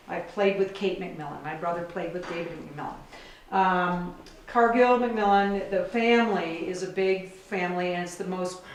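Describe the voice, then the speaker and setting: A woman's voice: mid-range voice, slight background noise. A chatty middle-aged woman from Minnesota speaks off the cuff at a benefit, rambling and self-deprecating. Her voice sits in a middle register and is caught from a distance. The room adds heavy echo around her. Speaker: event supporter giving remarks. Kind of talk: informal benefit speech. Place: large echoey event room. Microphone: distant room mic. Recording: roomy echo, far from mic.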